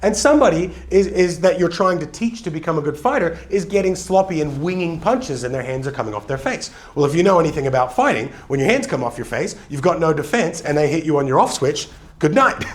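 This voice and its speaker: A man coaching on sales leadership, teaching energetically and slowing down to stress his key words. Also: a little high, animated. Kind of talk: teaching lesson to camera.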